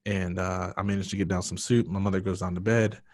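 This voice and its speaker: A man's voice: sits low, level tone, a little fast, darkish tone. A man as a podcast guest, telling a personal story in an earnest, emotional way.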